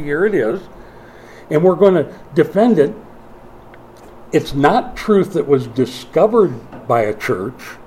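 A middle-aged male pastor preaching a sermon, moving between quiet explanation and emphatic declarations, with folksy asides to the congregation. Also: on the high side, slight background noise, low-quality recording.

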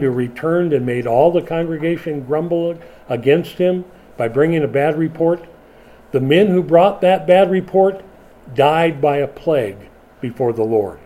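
A man delivering a sermon in a warm, mellow voice that sits a little high. His preaching is dramatic, rising to loud emphasis and dropping to near-hush. He acts out the people he quotes. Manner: dramatic, swings from loud to hushed.

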